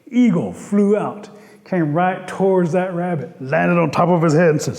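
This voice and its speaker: Animated storyteller man, gravelly voice. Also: a little high, moderate pace. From Cherokee Nation. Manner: animated, rhythmic, playful. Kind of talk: traditional oral storytelling. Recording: long reverb.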